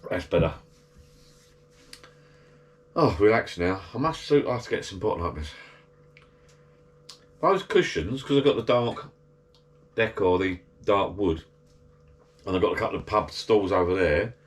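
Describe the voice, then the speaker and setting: A man's voice: fairly low pitch, animated, a little slow, long pauses. A man chatting casually to an action camera in his garden shed bar, rambling and grumbling. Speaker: vlogger.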